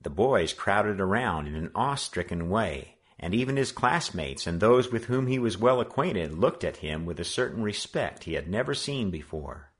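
A man reading a children's novel aloud in an expressive, measured way. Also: fairly low pitch, slightly rough. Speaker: audiobook reader. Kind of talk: read-aloud narration.

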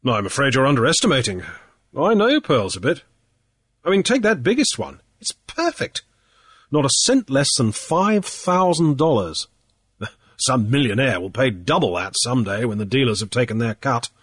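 A man reading a storybook, voicing a shrewd, cool male sea trader in a brisk, airy way with small hesitations. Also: medium pitch, very animated, a bit bright, breathy edge, dry recording, studio quality, voice pushed up. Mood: cool, probing. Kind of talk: audiobook character voice.

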